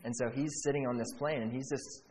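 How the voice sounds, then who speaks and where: A young man casually telling a faith testimony, animated, often saying "like" and acting out what people said. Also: medium pitch, quick pace, slight background noise, poor audio. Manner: animated, acts out quotes, fillers "like". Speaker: storyteller sharing a faith testimony. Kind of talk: casual storytelling.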